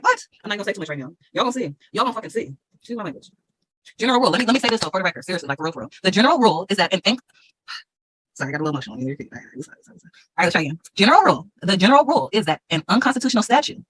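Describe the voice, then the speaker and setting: A woman's voice: on the high side, fairly bright tone, slightly rough, no echo, low-quality recording. A woman vlogging straight to her viewers in a combative, repetitive way, reading legal passages aloud between her own remarks. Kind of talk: direct-to-camera video rant, reading legal text aloud.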